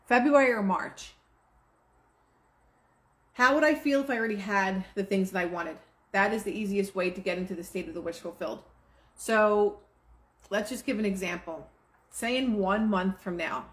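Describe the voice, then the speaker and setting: This is a woman teaching manifesting in a relaxed, rambling way, full of "like" and restarts. Her voice sits in a middle register. She records on a home setup, and the sound bounces with a noticeable room echo. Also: mid-range voice. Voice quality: relaxed, chatty, many fillers like "like". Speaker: host of a manifesting livestream. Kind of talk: casual spoken teaching. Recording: roomy echo.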